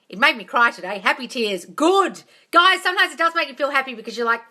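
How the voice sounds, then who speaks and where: Bright-voiced, blunt, swearing woman coach. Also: quick pace, hardly any pauses. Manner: blunt, swears freely, calls listeners darling; emphatic, swings between loud excitement and low asides. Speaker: manifestation coach answering viewer questions. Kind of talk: casual live Q&A, reading out comments.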